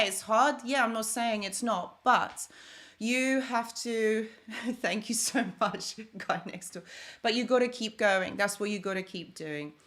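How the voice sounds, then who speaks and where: A woman's voice: mid-range voice, a bit bright. A young woman chatting on a live stream, thanking viewers by name as she talks. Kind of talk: casual live stream chat.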